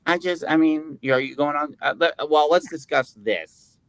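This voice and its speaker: A man's voice: fairly high pitch, steady tone, normal speed, fairly bright tone, smooth, no echo. Guy rambling on a podcast, jokey, keeps restarting sentences, super dry close sound. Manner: rambling, self-interrupting, jokey. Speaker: podcast co-host. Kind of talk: casual chat.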